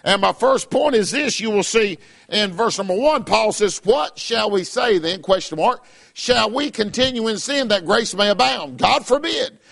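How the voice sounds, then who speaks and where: Fiery high-voiced preacher man. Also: expressive, moderate pace, gravelly, fairly bright tone. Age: middle-aged. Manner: emphatic, repetitive, rising and falling preacher cadence. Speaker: pastor. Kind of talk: fiery preaching broadcast sermon.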